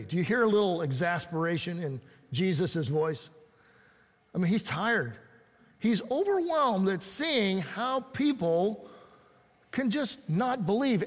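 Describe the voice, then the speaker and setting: A man preaching a sermon in a conversational way, reading scripture and acting out the lines he quotes. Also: high voice. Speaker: pastor. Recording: long hall reverb.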